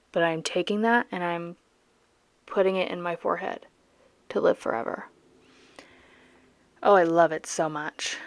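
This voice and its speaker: Her fairly low voice is recorded with no echo. She's a young Georgia woman and art channel host, lightly Southern-accented, chatting in a playful, goofy, self-mocking voiceover while painting and sometimes slipping into whispers.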